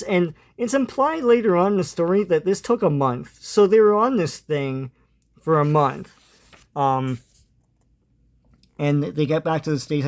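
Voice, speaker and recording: A man casually retells a comic book plot in a slightly high voice. He hesitates often, filling gaps with ums and uhs, and chuckles now and then. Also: a little mellow.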